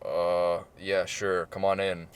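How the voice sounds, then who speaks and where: Man playing a gruff paranoid guy, low grumble, suspicious, reluctant. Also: little pitch movement, takes it slowly.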